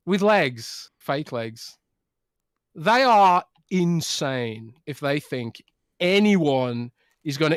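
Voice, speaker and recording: A man's voice: fairly high pitch, no room sound, clean studio sound. Ranting podcast co-host man. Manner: animated ranting, many restarts. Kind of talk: casual chat.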